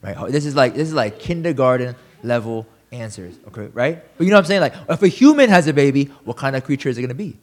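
A man's voice: medium pitch, expressive, quick pace, few pauses. A man preaching a sermon as a pastor, in a conversational way, often asking the listeners questions.

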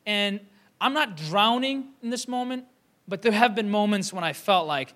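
A man's voice: high voice, animated, moderate pace, pushed and bright. A young man from Michigan preaching a conversational sermon, with many fillers and restarts. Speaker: pastor.

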